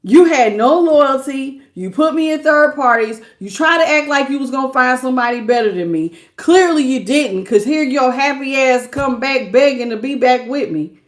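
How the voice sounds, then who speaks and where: A high-voiced woman reads tarot cards on a live stream. She is animated and slangy, laughs often and acts out the people she quotes. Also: moderate pace, hardly any pauses. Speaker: tarot reader.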